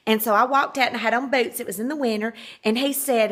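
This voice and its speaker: A woman's voice: high voice, quick pace, hardly any pauses. A middle-aged woman, chatting to her viewers and telling stories, full of fillers and laughter. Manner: chatty, warm-hearted, laughing storyteller with many fillers. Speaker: vlogger. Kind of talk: casual storytelling to viewers. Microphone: phone.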